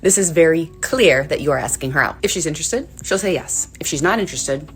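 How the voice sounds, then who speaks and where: A woman giving clear, instructive dating advice to camera. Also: low-pitched, animated, fast talker, faint music behind.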